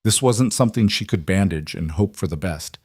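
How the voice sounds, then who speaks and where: A man giving scripted storybook narration of a western tale, dramatic and measured, in a dry, close recording. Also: low voice, animated, darkish tone, breathy edge, no room sound.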